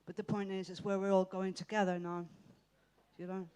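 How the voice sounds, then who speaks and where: A man from Ireland, making an earnest, somewhat halting comment from the audience. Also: high-pitched, level tone, a little hiss or hum. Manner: earnest, halting, gently reflective. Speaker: audience member.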